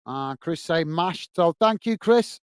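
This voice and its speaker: A man's voice: on the high side, animated, measured pace, smooth, dry recording. Chatty English man hosting a livestream. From England. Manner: chatty, reads out viewer comments, friendly thanks. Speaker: football watch-along host. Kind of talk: casual live-stream chat.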